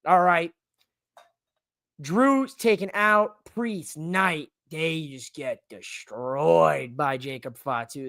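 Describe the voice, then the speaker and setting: A man's voice: on the high side, a bit bright, no echo, clean studio sound. Hyped man rambling through a wrestling recap. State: out of breath. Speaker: wrestling show host. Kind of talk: solo livestream recap chat. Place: home studio in a living room. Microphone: livestream mic.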